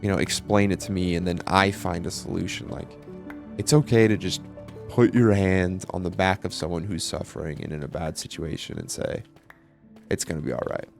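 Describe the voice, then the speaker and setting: Young male vlogger, deep and creaky, candid casual monologue, faint music bed. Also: normal speed, darkish tone. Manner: candid, casual, swears often, many fillers. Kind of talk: personal reflective monologue.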